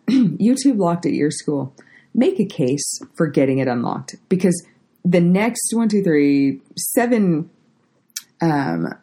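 A woman's voice: low voice, dark tone. A woman hosting a solo education podcast, chatty and self-deprecating, with many fillers and restarts. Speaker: podcast host.

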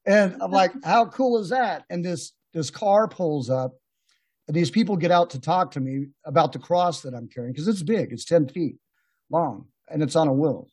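A man's voice: on the high side, moderate pace, a little mellow, husky, no room sound. A man hosting a podcast, telling rambling, laughing anecdotes in a casual chat with many restarts. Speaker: podcast host. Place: podcast room.

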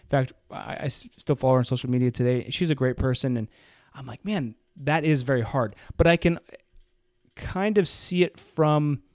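A man's voice: medium pitch, fairly quick, a little mellow, dry recording, clean studio sound. A young man co-hosting a casual podcast, rambling through a story and acting out the people in it. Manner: rambling, acts out quoted people in anecdotes. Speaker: podcast co-host.

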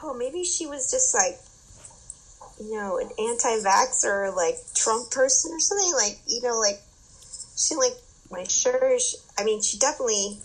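Husky woman telling a story casually. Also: fairly high pitch, normal speed, rough recording. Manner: animated storytelling, frequent fillers, swearing, laughing. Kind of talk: casual chat.

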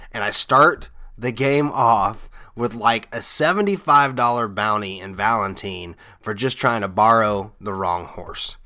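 A man's voice: medium pitch, sharp tone. A man hosting a podcast, telling rambling, amused stories in a casual monologue full of fillers and restarts. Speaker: podcast host.

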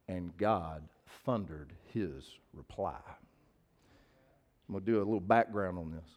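A man's voice: fairly low pitch, darkish tone. A male preacher, giving a sermon in a casual, folksy way and often asking his listeners to agree. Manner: conversational, folksy, asks the crowd to agree.

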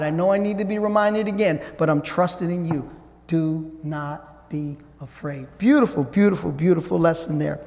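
A man preaching a sermon and teaching from the Bible, talking to listeners as guys and swinging between loud and hushed. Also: very high-pitched. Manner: conversational, addresses listeners as guys. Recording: long hall reverb.

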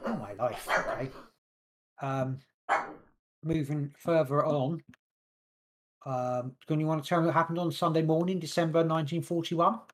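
A man hosting a podcast, reading long passages from his notes quickly and stumbling over words now and then. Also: fairly high pitch, fairly even intonation. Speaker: podcast host. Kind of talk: casual podcast chat, reading notes aloud.

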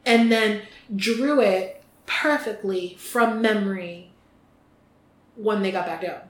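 Slow and mid-range, the woman's voice comes from an echoey room with faint noise. Co-hosting a podcast from the United States, she chats casually, with plenty of ums and restarts.

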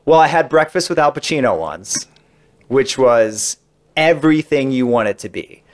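A man with a medium-pitched, lively voice speaks at normal speed as a guest on a podcast. Chatty and rambling, he tells long stories about interviews he has done, with many asides, in casual anecdotal style.

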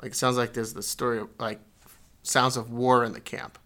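A man's voice: medium pitch, little pitch movement, moderate pace, a bit bright. A man co-hosting a podcast, casually retelling a story and correcting himself as he goes. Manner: rambling, self-correcting storyteller. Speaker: podcast co-host.

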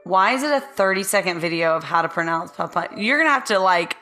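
Chatty hoarse-ish woman podcast co-host. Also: on the low side, expressive, quick pace, pushed and bright. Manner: chatty, laughs often, trails off. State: a little hoarse. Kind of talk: casual chat. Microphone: studio mic with red light.

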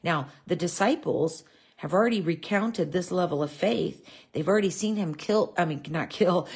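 A woman's voice: medium pitch, husky. A woman teaching a Bible lesson in a casual way, telling a family story and talking with frequent fillers and restarts.

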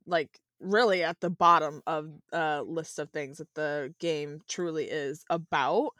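A woman's voice: on the low side, no echo, clean studio sound. A woman in a casual chat, giving her opinions emphatically and laughing often. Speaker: co-host.

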